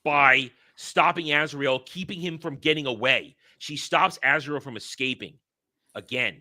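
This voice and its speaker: A man casually and excitedly retelling anime scenes, acting out the characters' lines as he goes. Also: medium pitch, measured pace. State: choked up. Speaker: podcast host. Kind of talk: casual anime recap chat.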